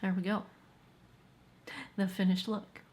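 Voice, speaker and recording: A woman in her forties chats her way through a get-ready-with-me makeup routine at home. She is candid and self-deprecating and laughs off her own slips. Her voice sits at an ordinary middle pitch. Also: little pitch movement, takes it slowly, darkish tone. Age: 40s. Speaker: beauty vlogger.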